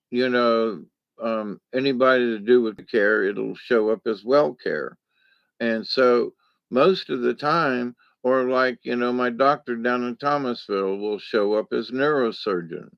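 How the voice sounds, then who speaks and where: A man's voice: medium pitch, gravelly, no echo, muffled recording. A man talking in a casual, rambling monologue, folksy and digressive, with lots of fillers. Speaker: vlogger.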